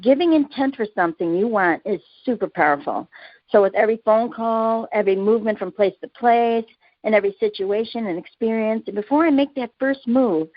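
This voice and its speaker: A woman's voice: medium pitch, no echo. A woman author being interviewed, talking earnestly about spiritual life and telling personal anecdotes with easy laughter. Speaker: author guest. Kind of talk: casual interview answers. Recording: dry muffled lo-fi audio.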